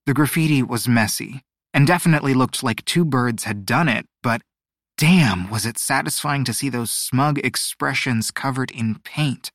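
A man narrating a storybook audiobook, expressive and measured. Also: mid-range voice, no echo, studio quality. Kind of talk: scripted narration.

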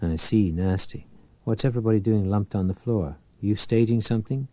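A man voicing a suave, commanding male police prefect who speaks with smooth courtesy and icy authority. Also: lowish voice, normal speed, mellow, dry recording, close to an everyday voice. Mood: stern.

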